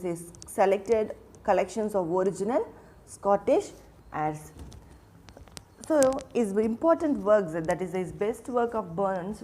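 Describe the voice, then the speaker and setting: A woman gives a literature lesson at an unhurried pace. Her voice is warm and mellow, with an even middle pitch. She poses questions to the listener and answers them herself, often restarting and repeating herself. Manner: slow, repeats names and restarts phrases while explaining. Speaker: teacher.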